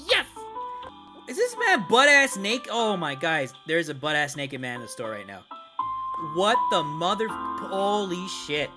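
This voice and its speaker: A woman narrating her own horror game playthrough, loud and excitable, her pitch leaping all over as she swears and laughs. Game music plays clearly underneath her voice throughout. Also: a little slow. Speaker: gaming video host. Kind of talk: horror game let's play commentary.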